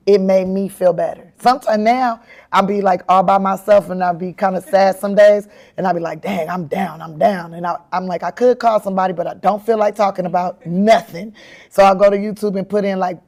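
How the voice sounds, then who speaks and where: Animated woman telling stories with laughter. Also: mid-range voice. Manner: animated, acts out her own quotes with bursts of laughter. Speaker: comedian and actress, interview guest. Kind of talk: candid storytelling in an interview.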